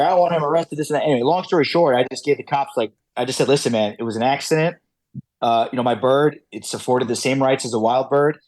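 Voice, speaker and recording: A man's voice: medium pitch, a little mellow, dry recording. Rambling man telling stories on a podcast. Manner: rambling, many fillers and restarts. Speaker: podcast guest, falconer. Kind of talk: casual storytelling.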